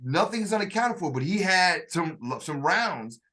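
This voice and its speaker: In a relaxed conversation, a man with a somewhat high voice, an author, recounts a story from his own life. His delivery is halting: he often stops and starts over, hunts for words, and slips into the voices of the people he quotes.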